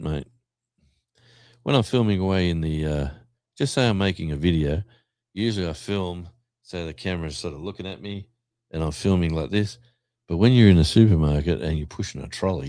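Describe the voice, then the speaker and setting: An Australian man with a low, mellow voice hosts a livestream, recorded with no room sound. He chats casually and rambles while reading the chat, with lots of fillers and restarts.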